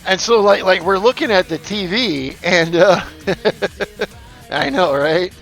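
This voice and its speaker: A man's voice: high-pitched, slow pace, gravelly, a bit bright, faint music behind. A man in his forties who streams, telling a story casually with a rambling, profane delivery full of restarts.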